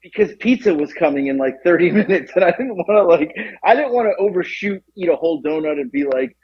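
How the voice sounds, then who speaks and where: A man co-hosting a podcast, telling a story in casual chat, animated and profane, acting out the voices of other people. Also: a little high, quick pace, husky, no room sound, lo-fi sound. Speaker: podcast co-host.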